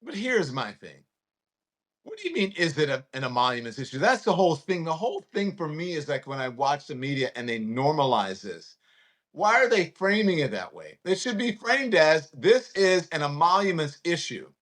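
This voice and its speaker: A man's voice: a little high, sing-song, normal speed, a bit bright. A man in his fifties from Louisiana, hosting a casual political chat and reading viewer comments with emphasis. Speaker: host.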